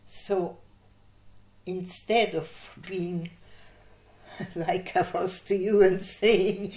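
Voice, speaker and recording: Slow, low-voiced older woman telling stories. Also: steady tone, darkish tone. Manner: unhurried anecdotal telling, laughs often. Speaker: interviewee. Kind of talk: oral history storytelling. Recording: echoey room.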